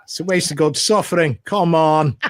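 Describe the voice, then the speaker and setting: A man's voice: a little high, normal speed, no echo, studio quality, close to an everyday voice. A man voicing a gleefully cruel male demon villain with a Liverpool accent, talking in a mock-menacing, sweary way. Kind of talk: comedy impression sketch.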